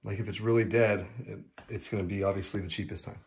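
Excitable man giving a house tour. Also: lowish voice, fast, slightly rough. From United States. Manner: chatty, excitable, addresses viewers as guys. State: breathing heavily. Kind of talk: casual walk-through vlog. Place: large rental house indoors.

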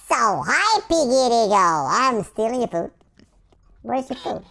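Excitable woman narrating a video game. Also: a little high, takes it slowly, vocal fry. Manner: playful, taunting, talks to game characters. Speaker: gameplay commentator. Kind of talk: excitable let's-play commentary.

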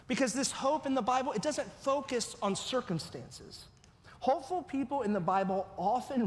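A man preaching a sermon as pastor, talking in a conversational way and often checking in with his listeners. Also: sits high. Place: church hall. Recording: long reverb of a church hall.

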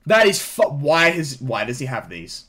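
A man's voice: medium pitch, very animated, moderate pace, a bit bright, a little hiss or hum. A man bantering casually with a friend over a video game, making dry ribbing remarks. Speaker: co-player.

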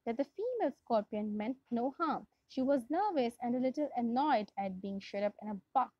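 Pakistani teacher lady reading a story out loud, high and kinda breathy, dull dry lo-fi sound. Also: normal speed, no room sound. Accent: Pakistani English. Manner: expressive read-aloud, often restarts phrases. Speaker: English teacher. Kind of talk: reading a storybook aloud in class.

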